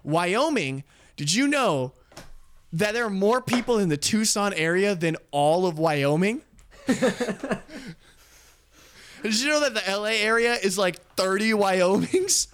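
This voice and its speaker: Young guy podcast cohost, kinda high voice, swears a lot, rambles and laughs. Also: expressive, measured pace, long pauses, a bit bright, slight background noise. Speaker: podcast co-host. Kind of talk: casual podcast banter.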